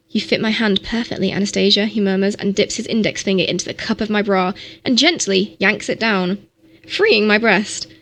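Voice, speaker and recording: A woman streamer reads a novel aloud with a fairly high voice. She gives it a mock-dramatic delivery. She sometimes trips over a word and corrects herself. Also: fairly bright tone. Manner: mock-dramatic reading with stumbles.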